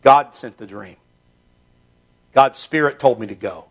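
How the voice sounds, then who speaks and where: A man preaching a sermon, reading Scripture slowly and building to emphatic, fervent passages. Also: medium pitch, creaky. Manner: emphatic, rising into fervent stretches; reads Scripture aloud in slow measured delivery.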